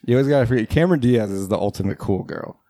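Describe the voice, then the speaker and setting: A man's voice: medium pitch, very fast, warm tone, no room sound. A man co-hosting a casual movie commentary, rambling and laughing often.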